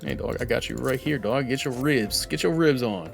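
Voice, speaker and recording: A man's voice: mid-range voice, moderate pace, gravelly, faint music behind. A young man streaming a game, rambling casually and joking at himself. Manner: rambling, self-deprecating, reads game text aloud. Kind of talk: casual gameplay commentary.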